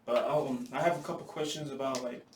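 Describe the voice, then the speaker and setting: A man asks casual interview questions, pausing and filling in with ums as he goes. His voice comes from away from the mic in an echoey room, with faint noise. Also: medium pitch, fairly even intonation, far from the mic. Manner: hesitant, with fillers.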